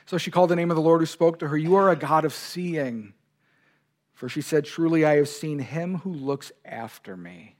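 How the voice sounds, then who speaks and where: Speaking at a moderate pace in a slightly high voice, this male pastor delivers a heartfelt sermon. Key words get extra weight, and he voices God's words with emphatic feeling.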